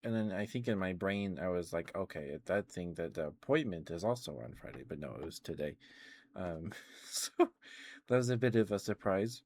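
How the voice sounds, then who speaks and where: A sleepy young man streaming ASMR, chatting softly and gently in a rambling way. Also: low-pitched, expressive, moderate pace. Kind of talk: soft ASMR chat.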